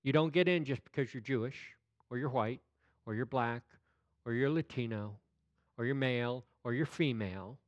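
A man preaching a sermon, reading scripture slowly and deliberately, with playful asides. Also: medium pitch, no echo, lo-fi sound.

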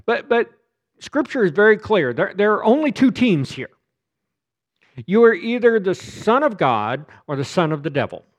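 A male pastor delivers a sermon with strong emphasis, doubling words as he drives a point home. His voice sits a little high for a man. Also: sing-song, moderate pace. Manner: emphatic, repeats words when stressing a point.

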